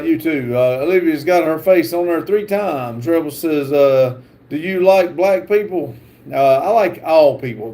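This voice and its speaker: A man hosting a livestream, reading viewer comments aloud with halting pauses and fillers. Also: a little high, mellow. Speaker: livestream host.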